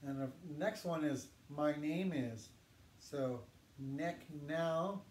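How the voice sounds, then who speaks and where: A man teaching a language lesson, patiently saying words slowly for learners to repeat. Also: a little high, darkish tone. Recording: echoey room with faint noise.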